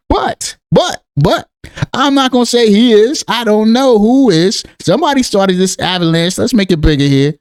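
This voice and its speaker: A man's voice: sits high, lively intonation, fairly quick, smooth, no room sound, clean studio sound. A middle-aged man giving rambling, slangy commentary to his channel's viewers, full of "real talk" and "you know what I'm saying.". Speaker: crypto YouTuber. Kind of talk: casual commentary to camera.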